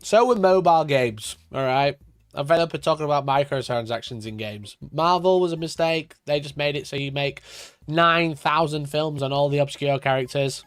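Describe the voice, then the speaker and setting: A man with a Yorkshire accent rants loosely on a live stream, swearing freely and breaking into laughs. His voice sits a touch high for a man and sounds dry and close to the mic. Faint music plays underneath. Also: moderate pace, clear, resonant tone, no room sound. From Sheffield, Yorkshire, England. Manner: sweary, ranting, laughs often. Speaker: wargaming streamer. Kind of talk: casual live stream chat.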